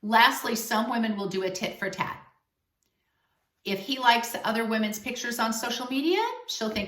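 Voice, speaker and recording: Bright-voiced woman giving advice, echoey room. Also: on the high side, normal speed. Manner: emphatic, animated advice-giving. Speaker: relationship coach. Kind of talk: direct-to-camera advice vlog. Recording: echoey room, voice distant from mic.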